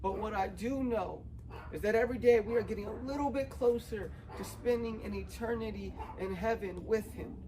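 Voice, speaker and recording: A man's voice: high-pitched, moderate pace. A young man preaching a sermon outdoors, earnest and building to fervent emphasis. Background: dog barking, wind.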